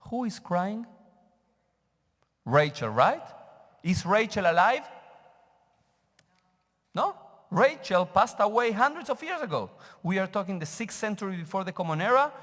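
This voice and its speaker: A man's voice: high voice, big pitch swings, a little slow, long pauses, fairly bright tone. A man, teaching a sermon as a rabbi and questioning his congregation. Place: synagogue sanctuary. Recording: reverberant sanctuary.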